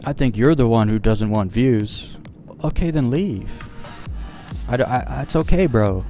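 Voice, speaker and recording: A man's voice: medium pitch, expressive, measured pace, mellow, soft background music. A man streaming a game live, chatting casually and shrugging off criticism with a laugh. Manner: casual and dismissive, laughing things off.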